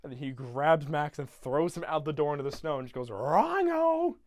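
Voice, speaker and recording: A man's voice: on the high side, steady tone, fast talker. A young man casually retelling a film from memory, rambling with many fillers and swearing. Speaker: YouTuber.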